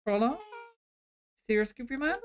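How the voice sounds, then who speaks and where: A woman voicing a group of excitable young kids on a nighttime adventure, jumpy and breathless. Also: on the high side, normal speed, a little hiss or hum, voice pushed up, natural voice. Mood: frightened.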